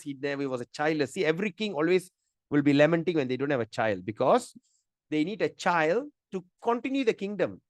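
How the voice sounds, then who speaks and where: A man's voice: on the high side, no echo. A middle-aged man, teaching a scripture class in a chatty, emphatic way. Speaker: Gita teacher.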